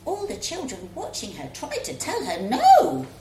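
A woman reading a story aloud in a child's first-person voice, expressive and lively. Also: very high voice, unhurried, gravelly, a little hiss or hum. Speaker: story reader. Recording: roomy echo, faint room ambience.

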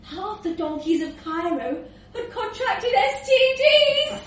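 A woman's voice: very high voice, sing-song, takes it slowly, pitched above the performer's own voice, heavily acted. A woman voicing a boastful, laddish male reindeer who turns whiny when cornered. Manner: loud, boastful, laughing through lines. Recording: echoey room, distant mic, faint hiss.

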